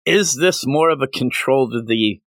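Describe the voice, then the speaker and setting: Keep it bright and forceful, a man co-hosting a podcast in casual chat. Retell scenes with animated energy and jump up in pitch when acting out a character. Keep the sound dry and close. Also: moderate pace, no echo. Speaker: podcast co-host. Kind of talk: casual discussion of a manga chapter.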